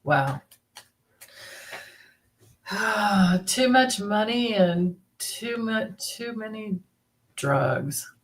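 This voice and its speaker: A woman's voice: mid-range voice, lively intonation, drawn-out words, long pauses. A woman hosting a live tarot reading stream, chatting casually, reading viewer comments aloud and laughing easily. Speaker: tarot reader hosting a livestream.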